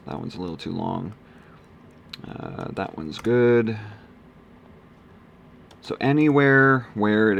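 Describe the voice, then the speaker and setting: A man's voice: sits low, gravelly, a little hiss or hum. A man casually walking through his email steps on screen, rambling with many ums and self-corrections. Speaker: online marketing vlogger. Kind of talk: casual screen-share walkthrough.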